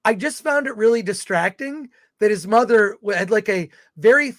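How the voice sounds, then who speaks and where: A man's voice: high-pitched, normal speed, a bit bright, no echo, studio quality. Blunt, rambling male film reviewer. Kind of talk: casual film review chat.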